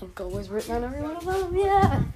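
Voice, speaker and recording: A woman's voice: sits high, sing-song, fast talker. A woman hosting a silly improvised podcast, rambling goofily and switching into playful voices. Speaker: podcast host. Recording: noisy home recording with clicks.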